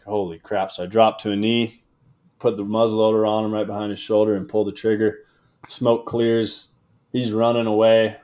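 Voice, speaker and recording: A young man telling a hunting story in casual talk, animated and laughing as he goes. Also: fairly low pitch, highs cut off. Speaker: guest, game call maker.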